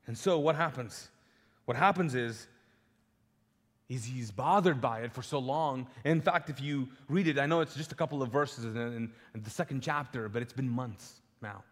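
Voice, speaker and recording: Animated male pastor in reverberant church. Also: medium pitch, normal speed. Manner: animated storyteller acting out scripture dialogue with humor; frequent word repeats and restarts. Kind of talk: conversational live sermon. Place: church auditorium before a live congregation. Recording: long reverb of a church hall.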